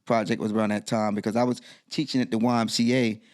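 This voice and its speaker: A man's voice: fairly low pitch, fast. A middle-aged man, a DJ and podcast guest, telling a story in casual interview talk and acting out the dialogue in it. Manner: animated storyteller who acts out quoted dialogue.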